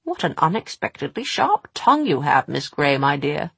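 A woman's voice: low-pitched, big pitch swings, moderate pace, vocal fry, a bit bright, breathy edge, dry recording, heavily acted. A woman voicing a cold, menacing female villain in a storybook, silky and threatening.

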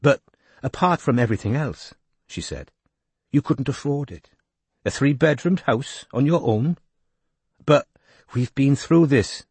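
A deep, coaxing Welsh woman with a husky, soft-spoken voice, as a male audiobook narrator puts her on. She sounds gentle and persuasive, pitched a little low, recorded close and dry. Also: lively intonation, unhurried, long pauses, no echo.

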